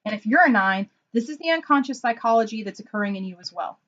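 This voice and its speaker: A woman's voice: fairly high pitch, quick pace, muffled recording. A woman consultant explaining personality types in a casual vlog, telling stories and acting out quotes. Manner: animated storytelling with acted-out quotes. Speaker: Enneagram consultant.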